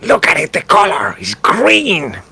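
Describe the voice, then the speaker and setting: A man voices a squabbling goblin who whines and insists in a pitched-up, gravelly voice. His tone is bright and raspy. He sounds a bit off-mic. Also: wildly swooping pitch, unhurried, full character voice. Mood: excited. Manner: whining and insistent. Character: whiny squabbling male goblin. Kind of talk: tabletop game character voice.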